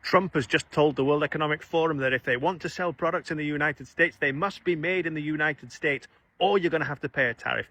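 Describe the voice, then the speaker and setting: A man's voice: on the high side, no room sound. A man in an opinion clip explaining his view of tariffs in a mocking tone. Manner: fast, animated, mocking.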